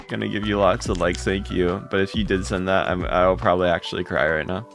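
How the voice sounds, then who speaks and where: A young man streaming live, greeting his chat and thanking viewers for gifts, with his voice jumping high when he gets excited. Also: fairly quick, gravelly, few pauses. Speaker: livestreamer. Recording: music playing behind.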